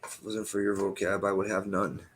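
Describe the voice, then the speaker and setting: A man's voice: fairly low pitch, flat delivery, brisk, a little hiss or hum. A young man hosting a live stream, bantering and joking in a casual chat.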